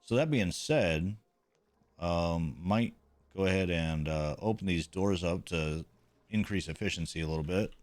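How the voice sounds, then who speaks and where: A man's voice: sits low, a little slow. A man streaming a video game, chatting casually with viewers in a laid-back, rambling, self-mocking way and swearing now and then.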